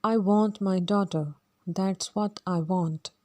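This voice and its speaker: A woman voicing a shabby older Cockney father who talks slowly and pleads his case in a read-aloud play. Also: medium pitch, steady tone, dark tone, natural voice. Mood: plain. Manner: slow, drawn-out, pleading.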